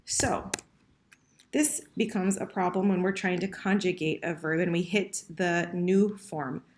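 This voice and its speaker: A woman's voice: fairly low pitch, steady tone, a little slow, darkish tone. A woman teaching French verb conjugation in a screen-recorded lesson, patient and correcting herself as she types. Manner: patient, self-correcting, talks while typing.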